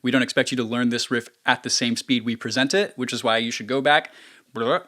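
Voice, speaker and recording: A man co-hosting a vocal lesson podcast, calmly speaking directly to the listener. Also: medium pitch, fairly quick. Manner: calm, direct address to the listener. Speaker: vocal coach and podcast co-host.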